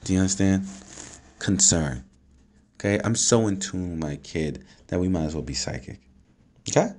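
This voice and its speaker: A man's voice: sits low, moderate pace, pauses often, a little hiss or hum. A man, a father, talking casually to camera, telling stories with swearing and frequent laughs. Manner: animated storytelling, swearing, laughs often. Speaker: vlogger, father.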